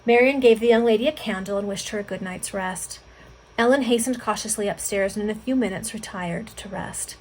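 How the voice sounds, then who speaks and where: A woman reading a novel aloud to friends over a video call, earnest and expressive, stopping for heartfelt asides. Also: mid-range voice, fairly quick, slight background noise, low-quality recording. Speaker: volunteer reader.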